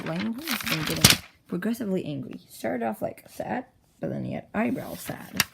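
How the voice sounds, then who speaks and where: A woman's voice: mid-range voice, animated, moderate pace, vocal fry, very noisy. A woman casually narrating her own comic into an iPad, rambling and chatty, poking fun at herself. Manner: rambling, chatty, self-mocking. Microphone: iPad with pop socket.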